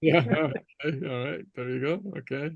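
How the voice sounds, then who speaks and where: A man's voice: fairly high pitch, normal speed, vocal fry, muffled recording, a crowd in the background. A man teaching an online language class, patiently modelling words for students to repeat, with many fillers. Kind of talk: online class, drilling vocabulary. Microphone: computer mic on a video call.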